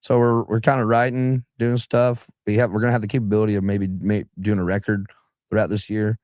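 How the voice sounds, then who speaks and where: A young adult singer from southeastern Alabama chats as a radio guest, his voice sitting a bit low. He rambles, backs up and restarts his sentences, and sometimes breaks into put-on voices. The studio mic is dry and close, with no room sound. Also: level tone, a little fast, darkish tone, dry recording. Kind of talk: casual radio interview chat.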